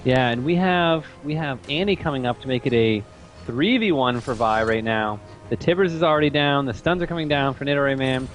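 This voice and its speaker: A man giving steady play-by-play commentary on a competitive video game match. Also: medium pitch, soft background music. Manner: rapid, steady play-by-play calling. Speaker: esports commentator.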